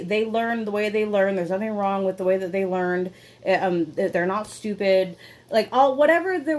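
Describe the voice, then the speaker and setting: A young woman talks through a casual podcast episode from a room at home. She rambles with many fillers and curses freely, candid and unpolished. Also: mid-range voice. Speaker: podcast host. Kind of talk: casual confessional podcast monologue.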